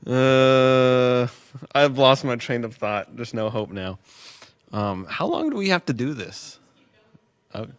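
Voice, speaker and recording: A man's voice: mid-range voice, animated, slow, smooth, dry recording. A man rambling casually as host of a test livestream at work, joking and losing his train of thought. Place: workplace.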